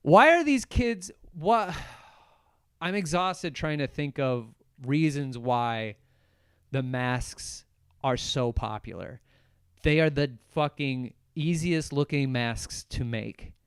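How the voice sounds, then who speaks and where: A man's voice: a little high, takes it slowly, clear, resonant tone, no echo. Profane, ranting young man reviewing a film. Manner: profane, sarcastic, rambling. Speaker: podcast host. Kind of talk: solo movie review rant.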